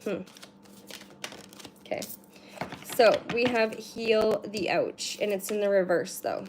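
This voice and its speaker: A woman's voice: medium pitch, darkish tone. A woman giving a casual livestream card reading at home, chatty and rambling, with lots of filler words and casual swearing. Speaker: card reader. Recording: noisy with card shuffling and clicks. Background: shuffling cards and clicks.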